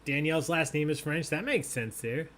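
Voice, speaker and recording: A man's voice: fairly high pitch, normal speed. A man hosting a live online trivia night, reading questions and joking with players in an upbeat way. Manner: animated, upbeat, jokey. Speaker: trivia host.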